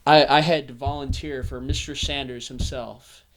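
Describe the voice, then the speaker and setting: A young man from the American South hosting a podcast, telling a story in a casual, animated way. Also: mid-range voice, moderate pace. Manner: animated storyteller, acts out voices. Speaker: podcast host. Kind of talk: casual chat.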